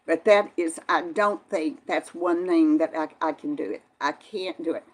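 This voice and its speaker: Chatty older woman, lowish voice. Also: steady tone, normal speed. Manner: chatty, answers viewers by name, folksy. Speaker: vlog host reading live chat. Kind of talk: casual live-stream chat.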